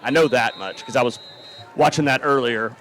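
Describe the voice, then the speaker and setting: A man giving color commentary at a live high school football game, folksy and analytical. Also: normal speed, fairly bright tone, slight background noise.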